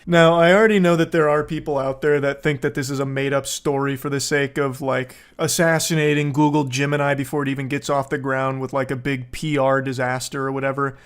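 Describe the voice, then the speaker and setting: A young man giving casual, deadpan and sarcastic commentary as a host, swearing freely. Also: medium pitch, a little fast, few pauses, smooth.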